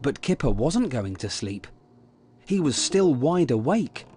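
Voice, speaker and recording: A man reading a children's picture book aloud in a slow, lively storytelling manner. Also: medium pitch, slight background noise. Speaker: storybook reader.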